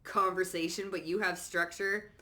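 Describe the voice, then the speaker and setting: Sassy woman doing a card reading, bright sharp voice, swears a lot, says honey and baby. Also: steady tone, normal speed. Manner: blunt, sassy, peppered with swearing and pet names; emphatic, swings between low asides and loud bursts. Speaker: psychic card reader. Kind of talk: casual spoken card reading.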